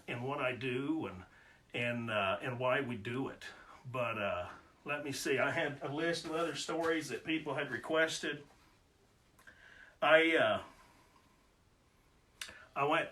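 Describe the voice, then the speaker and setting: A man's voice: mid-range voice, bright, forceful tone. A man telling personal stories in a casual, folksy way, with homespun humor. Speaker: storyteller. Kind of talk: casual spoken storytelling.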